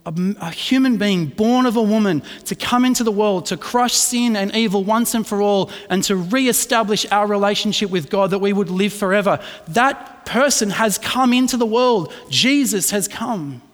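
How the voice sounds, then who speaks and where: A man's voice: high-pitched, moderate pace. A middle-aged man preaching a sermon, chatty and self-deprecating in his stories and earnest in his teaching. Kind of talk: sermon with personal anecdote. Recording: long reverb in a hall.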